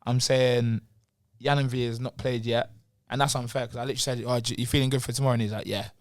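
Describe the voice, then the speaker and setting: A young man chatting as a podcast guest, mid-pitched and laughing often. He pleads and jokes in quick bursts. The sound is close and dry. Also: fairly even intonation, no echo. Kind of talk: casual chat.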